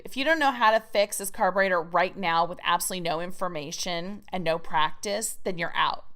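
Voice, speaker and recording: A woman's voice: medium pitch, a bit bright. A woman teaching a recorded writing course in an emphatic, chatty manner. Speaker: writing coach.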